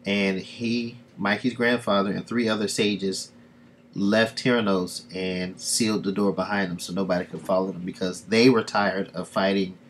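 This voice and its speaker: A man reading comics on a live stream, summarizing the plot in a loose, rambling way full of fillers. His voice sits low. A faint hiss of noise runs underneath. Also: fairly even intonation, moderate pace. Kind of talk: casual live-stream commentary.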